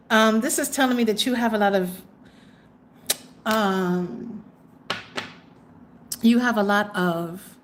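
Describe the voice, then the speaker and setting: A woman's voice: medium pitch, a little hiss or hum. A woman hosting a live tarot reading, chatty and exclamatory, trailing off into fillers as she reads cards for viewers. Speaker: tarot reader and livestream host.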